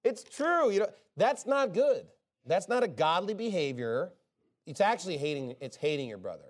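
Speaking in a fairly high voice at a normal pace, a man delivers a sermon. He is very animated and talks conversationally but with emphasis, repeatedly posing rhetorical questions and answering them firmly.

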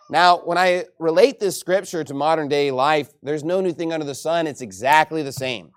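A man from Texas preaching a sermon in a lively, joking and emphatic way. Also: a little high, fairly quick, few pauses.

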